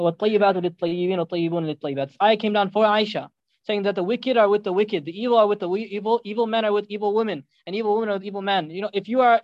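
A man's voice: sits high, no echo, muffled recording. A man giving a sermon, telling a story with quoted voices and reciting Arabic verses. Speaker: preacher.

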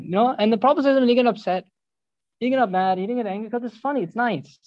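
Male preacher, high voice, very fast delivery, storytelling sermon with recitation, dry close sound. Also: no room sound, muffled recording.

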